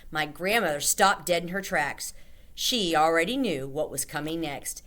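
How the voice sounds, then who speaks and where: A woman narrating a children's book read-aloud in an expressive, friendly way. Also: deep voice, moderate pace.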